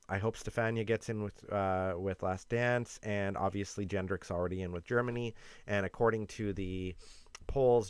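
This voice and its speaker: Canadian guy rambling excitedly about results, low-ish smooth voice, lots of ums. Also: no echo. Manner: enthusiastic, rambling, filler-heavy. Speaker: YouTuber and radio host. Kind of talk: casual reaction commentary.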